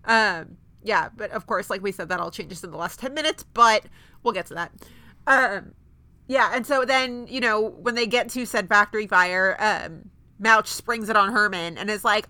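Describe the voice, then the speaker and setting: A woman's voice: medium pitch, moderate pace, sharp tone, dry recording. A woman co-hosting a podcast, chatting casually about a TV episode with many fillers, and she has the hiccups. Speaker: podcast co-host. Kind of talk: casual chat.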